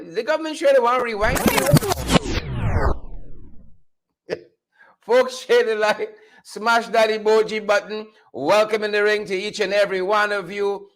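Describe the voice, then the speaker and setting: A man's voice: high voice, a bit bright. A middle-aged man hosting a livestream, full of playful catchphrases and repeated chants. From Guyana. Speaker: livestream host. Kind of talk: energetic livestream hype talk.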